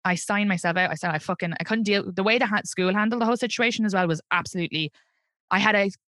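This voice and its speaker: A woman's voice: medium pitch, racing, dry recording, clean studio sound. A woman in her thirties with an Irish accent, a comedian telling personal stories in an interview, blunt and profane. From Ireland. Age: 30s. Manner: blunt and profane, animated storytelling. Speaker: comedian guest. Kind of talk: candid interview conversation.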